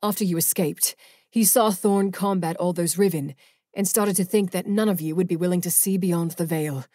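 A woman's voice: on the low side, normal speed, dark tone, dry recording, studio quality, lightly acted. A woman voicing a smug young angel man. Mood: tense.

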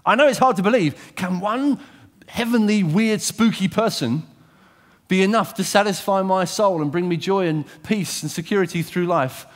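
A man whose voice sits high preaches at a moderate pace. He's animated and direct, putting questions to his listeners and shifting from loudness to quiet intensity.

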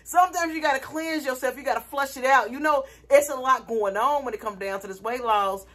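A woman's voice: high voice, a little fast. A woman vlogger talking casually to her viewers, telling a dramatic story with lots of energy. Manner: animated, dramatic retelling with laughter.

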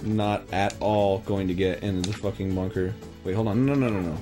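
A man doing crude, joking banter while commentating a video game, loud and full of mock taunts. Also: low voice, steady tone, fairly quick, music in the background.

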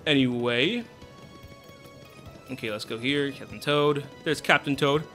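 A man's voice: mid-range voice, a little slow, sharp tone, soft background music. A man giving casual commentary while playing a video game, chatty and self-correcting, on a desktop mic. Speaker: let's play host.

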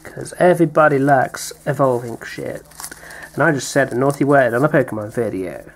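A creaky, mid-range voice at normal speed belongs to a British man opening card packs as co-host. In easygoing unboxing banter, he reads out each name with small laughs.

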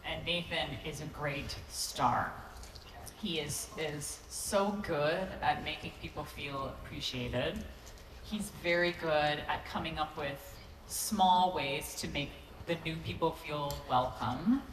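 Woman, low voice, playful panel guest, joking and self-mocking, handheld mic, echoey convention hall. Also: takes it slowly. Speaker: actor answering fan questions on a convention panel. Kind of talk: relaxed, joking panel talk. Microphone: handheld microphone on stage. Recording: echoey convention hall with loud background noise.

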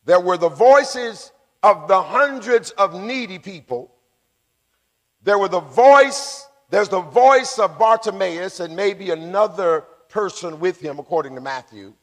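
A man with a high voice preaches a sermon in a church, and a long reverb trails his words around the hall. He calls on the congregation to answer him back and rises into shouts as he goes. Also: expressive, measured pace. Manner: call-and-response preaching, building to shouts. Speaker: pastor. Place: church sanctuary.

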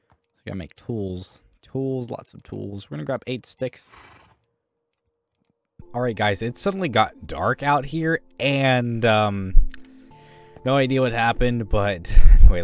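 A man's voice: on the low side, creaky. A young man casually commenting while gaming, jittery and swearing, yelping when startled. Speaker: gaming YouTuber. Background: music.

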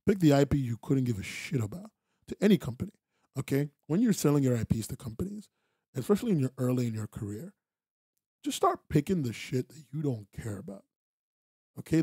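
A man's voice: medium pitch, sing-song, brisk, dark tone, husky. A man hosting a podcast, talking bluntly and casually to his stream chat, swearing freely and repeating himself for emphasis, laughing often. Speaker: podcast host.

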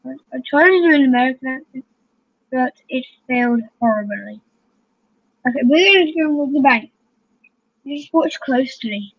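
A woman hosting a gaming channel, chattering excitedly to her fellow players as she plays. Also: high voice, normal speed, pauses often. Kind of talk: casual gameplay commentary. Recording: dull lo-fi home recording.

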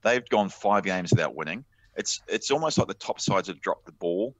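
A New Zealand man co-hosting a football podcast, brisk and opinionated, calling people mate. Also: low-pitched, animated, no echo. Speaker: podcast co-host. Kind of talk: casual sports chat.

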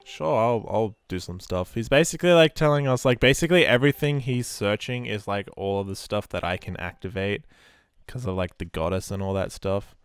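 A man with a fairly low voice narrates his gameplay in a loose, rambling way, dropping casual swear words. He sounds sleepy and keeps yawning between remarks. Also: brisk, smooth, no room sound. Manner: rambling, swears freely, self-mocking. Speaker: gameplay commentator. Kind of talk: casual let's-play commentary.

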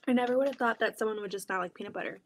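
A woman's voice: mid-range voice, rapid-fire, vocal fry. A woman hosting a quilting livestream from her home basement, reading comments aloud in a chatty, giggly way full of restarts. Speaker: quilting channel host.

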